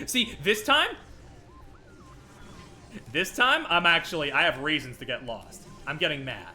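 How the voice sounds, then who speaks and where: A man's voice: fairly high pitch, very animated, unhurried, sharp tone, soft background music. A man streaming a video game, ranting casually with lots of laughter and swearing. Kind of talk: casual gameplay stream commentary.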